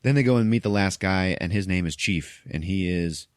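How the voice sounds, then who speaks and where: A man's voice: deep voice, normal speed, dry recording, clean studio sound. A man hosting a podcast, recapping a film in a chatty, laughing way and acting out the lines. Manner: chatty, laughs often, swears casually, acts out quotes. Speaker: podcast host. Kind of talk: casual movie recap.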